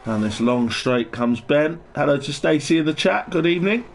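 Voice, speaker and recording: A man giving relaxed live commentary on an online race and greeting viewers in the chat. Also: on the high side, moderate pace, creaky. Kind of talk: live sim-racing commentary. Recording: noisy stream with engine sound behind.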